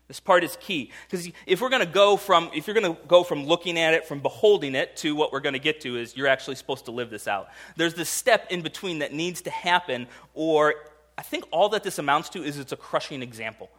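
A man preaching a sermon in a lively storytelling manner, acting out the people in his stories. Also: on the high side, brisk. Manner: animated storytelling, acts out voices in quoted dialogue. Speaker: pastor.

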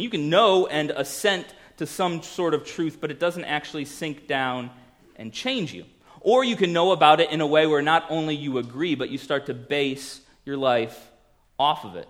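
Man, preacher, casual storytelling sermon, acts out quotes, a bit high-pitched. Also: moderate pace. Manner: conversational, animated storytelling with acted quotes.

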